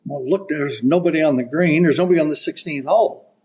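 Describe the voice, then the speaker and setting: High-voiced older man telling a lively anecdote. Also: fairly quick, low-quality recording. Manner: animated storyteller, acts out quoted voices. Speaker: podcast guest, golf broadcaster. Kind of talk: storytelling anecdote.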